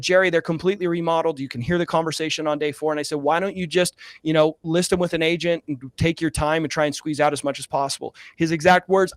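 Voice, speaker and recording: There's no echo on this higher-pitched male voice. He's a real estate investor being interviewed, telling a personal story earnestly with lots of fillers and mounting emotion.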